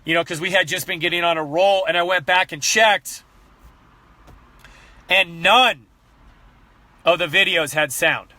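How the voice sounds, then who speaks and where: A man in his thirties giving a candid motivational talk as a fitness coach, earnest and animated, repeating himself when he gets fired up. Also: fairly high pitch, brisk, hardly any pauses, no echo.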